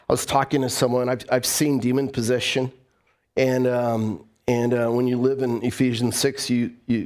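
A male pastor preaching a sermon, telling stories with a voice that swings up and down. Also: mid-range voice. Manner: animated storytelling, voice rising and falling.

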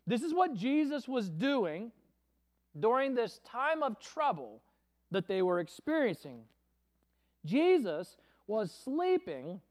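A man preaching a sermon in an earnest, measured way, now and then acting out quoted voices with feeling. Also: high-pitched, darkish tone. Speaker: pastor.

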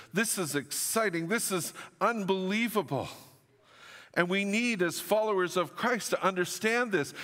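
A man's voice: a little high, a bit bright, big-room sound. A middle-aged man preaching a sermon as pastor, earnest and building to emphatic declarations.

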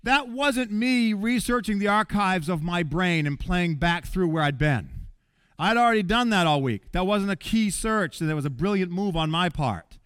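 Bright, high-voiced animated male preacher. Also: moderate pace, clear, resonant tone, no echo, studio quality. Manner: animated, with sudden loud bursts and quiet asides. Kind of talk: sermon.

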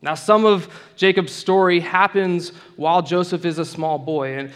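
Preacher in a reverberant hall. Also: male voice, fairly high pitch, a bit bright. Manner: conversational storytelling with asides. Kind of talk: sermon.

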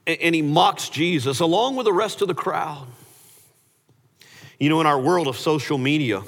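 A man preaching a sermon, animated, his voice rising sharply when he voices quoted words. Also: fairly high pitch. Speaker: pastor. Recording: hall reverb.

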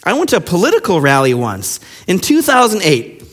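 A male pastor preaching a sermon with passion, firing rhetorical questions and dropping to hushed lines. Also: high voice, huge pitch swings, brisk. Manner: impassioned, with rhetorical questions and sudden hushed drops. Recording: long reverb of a large hall.

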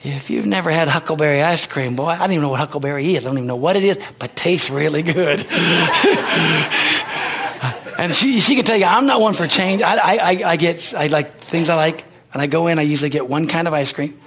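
A man's voice: fairly high pitch, a little fast, fairly bright tone, slightly rough. A man preaching a sermon, exhorting his listeners with rising energy, rambling at times with restarts.

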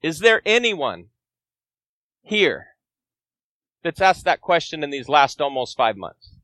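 A man's voice: on the high side, sing-song, takes it slowly, bright, forceful tone, no room sound. A man in his forties, a guest pastor preaching a sermon, telling a story earnestly and asking the congregation rhetorical questions.

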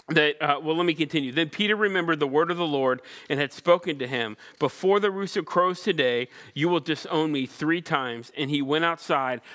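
A man preaching a conversational sermon, acting out the quoted voices in the scripture he reads. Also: a bit bright. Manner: conversational preaching, acts out quoted lines with rising pitch. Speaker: pastor.

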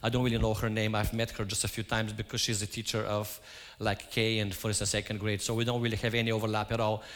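A man's voice: on the low side, level tone, fast, hardly any pauses, a bit bright. Man preaching in a reverberant church. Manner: storytelling, acts out his own quoted lines. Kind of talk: sermon. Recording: hall reverb.

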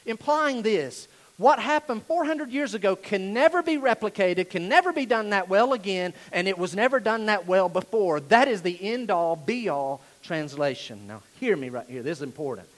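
A high-voiced male pastor with a drawl delivers a sermon. He leans hard on key phrases, then drops to quiet, confiding asides. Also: rough recording. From Asheville, North Carolina, USA. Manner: emphatic, swings between loud declarations and hushed asides.

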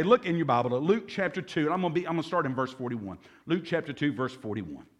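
Male pastor, lively and jokey, swings his pitch widely while teaching a Bible study. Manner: lively, joking, reads scripture aloud.

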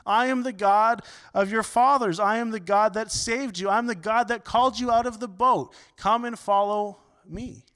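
A pastor lifts his voice to play God, a calm, reassuring male voice. Each short promise comes back again, pitched high and pushed out. The tone stays smooth and ringing. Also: normal speed, few pauses, big-room sound. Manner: raised, pleading, repeated short promises.

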